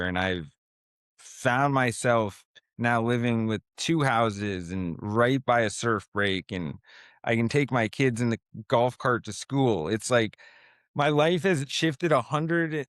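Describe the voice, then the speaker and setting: A man's voice: mid-range voice, a bit bright, clear, resonant tone, dry recording, studio quality. A man in his thirties, a podcast guest, talking casually with lots of fillers and laid-back slang, speaking from home. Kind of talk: casual interview talk. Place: home, with a baby heard nearby.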